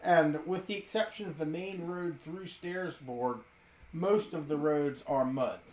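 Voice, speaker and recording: A man narrates a tabletop game as its game master, taking his time over each descriptive phrase. His voice is fairly high for a man and unhurried. The recording is echoey, with a faint hiss underneath. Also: darkish tone. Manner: slow, deliberate descriptive narration. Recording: roomy echo with faint hiss.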